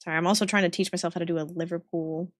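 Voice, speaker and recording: A woman streamer chatting casually with her viewers, giggling often and reacting warmly to their messages. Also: on the low side, fairly even intonation, rapid-fire, no echo, studio quality. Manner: giggly and chatty, talks to chat.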